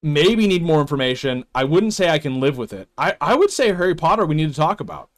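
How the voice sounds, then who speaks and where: A man with a high voice that swings widely up and down chats casually on a live stream. He is opinionated and rambling, and he laughs often between points. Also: very animated, quick pace.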